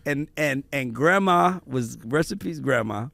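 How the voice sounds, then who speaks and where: A man hosting a casual family conversation, telling stories in an animated, profane way. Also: mid-range voice, measured pace, gravelly, no echo. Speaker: podcast host.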